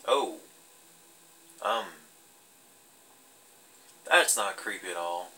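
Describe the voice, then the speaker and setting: A man's voice: low-pitched, expressive, extremely slow, bright, forceful tone, low-quality recording. A man hosting a let's play, giving chatty, casual commentary with wry joking asides as he plays.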